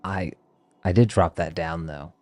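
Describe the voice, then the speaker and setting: Unhurried and low, this man's voice comes through with no room sound. He's a Texan livestreaming a game, laying on a thick put-on Texas drawl as he jokes around and swears with his viewers in casual chat.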